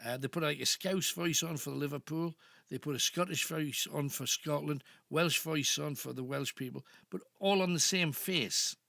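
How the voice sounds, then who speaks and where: An older radio host with a Geordie accent, talking in a gravelly, bright and fairly high voice. He rambles through anecdotes into a dry, close studio mic. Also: normal speed, dry recording. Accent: Northeast English (Geordie). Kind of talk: late-night phone-in chat. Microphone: studio microphone.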